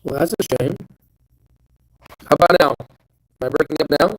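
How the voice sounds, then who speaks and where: A man's voice: on the high side, normal speed, rough recording. A tired young man with a sore throat, hosting a rambling, casual stock chat into a handheld phone. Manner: rambling, self-deprecating, restarts often. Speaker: stock channel host. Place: outdoors hot tub. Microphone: phone held in hand.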